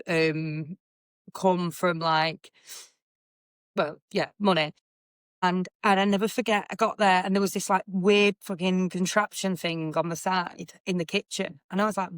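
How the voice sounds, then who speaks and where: A woman's voice: lowish voice, clear, resonant tone, no echo, clean studio sound. A young woman from Manchester with a Mancunian accent, hosting a podcast in a chatty, blunt way and swearing freely. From Manchester, England. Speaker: podcast host. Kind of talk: casual chat.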